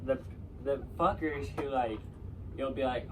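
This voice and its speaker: A man's voice: medium pitch, normal speed, darkish tone. A teenage boy ranting irritably about annoying people in casual chat, swearing freely. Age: teens. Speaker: podcast co-host. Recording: distant mic with noise.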